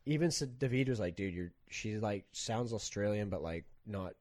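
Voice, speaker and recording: A man's voice: lowish voice, normal speed, darkish tone, no room sound. Young Canadian man, casual chatty storyteller, swears freely, dry close-mic sound. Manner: rambling storytelling, lots of swearing and "like". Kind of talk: casual chat.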